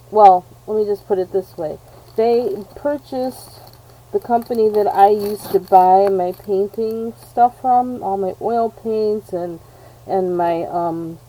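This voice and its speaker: Rambling American woman, mellow and low. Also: slight background noise, rough recording. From New York State. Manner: rambling, frequent ums, self-deprecating asides. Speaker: vlogger unboxing art supplies. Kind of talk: rambling casual chat.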